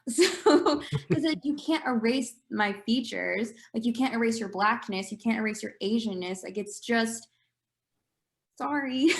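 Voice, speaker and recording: A woman on a discussion panel, speaking candidly, laughing lightly between points and quoting the people she talks about. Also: a little high.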